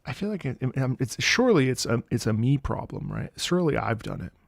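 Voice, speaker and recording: A man streaming live, excitably reacting to music, reading chat and swearing often. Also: mid-range voice, brisk, gravelly, no echo.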